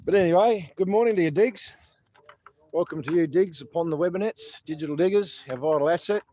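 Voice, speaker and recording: A man's voice: high-pitched, a little fast, warm tone. A man with an Australian accent hosting a casual outdoor livestream, rambling and swearing freely between laughs. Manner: rambling, profane, chatty, laughs often. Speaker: protest livestream host. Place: outdoors at a protest site.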